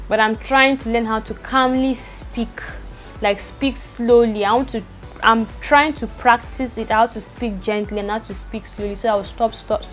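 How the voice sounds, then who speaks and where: A young woman vlogger, talking fast to the camera, stuttering and repeating words as she goes. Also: on the high side, a bit bright. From Nigeria. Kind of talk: personal talk to camera.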